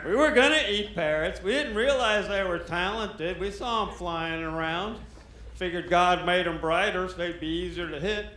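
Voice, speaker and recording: An American man doing brash, profane stand-up comedy on a club stage. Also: high voice. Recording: roomy club with crowd noise. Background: audience laughter.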